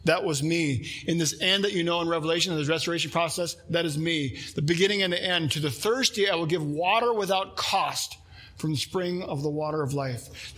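Husky bright-voiced male preacher. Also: fairly high pitch. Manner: earnest preaching, reads scripture aloud, asks listeners questions. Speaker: pastor. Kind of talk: sermon.

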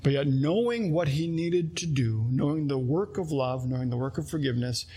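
A man's voice: on the high side, lively intonation, normal speed, warm tone, slightly rough. A man preaching a sermon, earnest and conversational, working through an example with a volunteer. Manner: earnest and conversational, using a volunteer as a live illustration. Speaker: pastor.

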